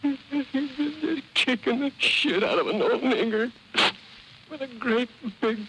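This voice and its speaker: A man putting on a shrill, crude old madam. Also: a little slow, fairly bright tone, a little hiss or hum, heavily acted, rough recording. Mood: indignant griping. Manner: high-pitched, crude, rambling complaint. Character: weepy old brothel madam, indignant and crude. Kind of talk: bawdy party-record joke telling.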